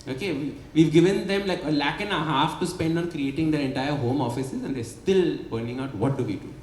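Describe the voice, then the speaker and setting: A man's voice: fairly high pitch, brisk, a little mellow, slight background noise. Man explaining in an echoey hall. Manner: explanatory, asks rhetorical questions with "right?". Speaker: author and habit coach. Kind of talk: speaking at a book launch. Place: event hall before an audience. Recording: echoey hall with light ambience.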